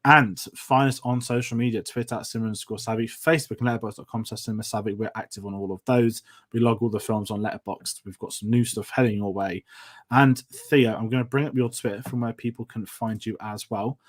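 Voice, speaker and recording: A man's voice: fairly low pitch, fairly even intonation, fast. A man hosting a film review show, chatting casually and running through upcoming content. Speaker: film review podcast host. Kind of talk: casual chat.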